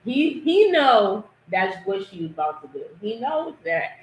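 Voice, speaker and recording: A woman's voice: medium pitch, measured pace, a little hiss or hum. A woman hosting a podcast, chatting casually about a reality show clip and acting out what people said. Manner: animated, laughing, acting out quotes. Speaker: podcast host. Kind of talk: casual commentary chat. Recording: echoey room.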